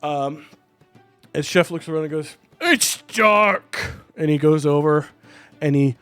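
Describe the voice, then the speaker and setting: A man's voice: fairly high pitch, monotone, normal speed, darkish tone, clear, resonant tone, no room sound, faint music behind. A man narrating a tabletop game as game master, in a loose, hesitant style.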